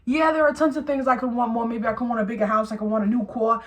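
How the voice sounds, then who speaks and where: Woman, young adult, put-on Southern US accent, breathy, emphatic, casual advice vlog. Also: a little high, steady tone, fast. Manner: emphatic, chatty, swears freely, keeps asking "right?". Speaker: vlogger. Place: bathroom at home.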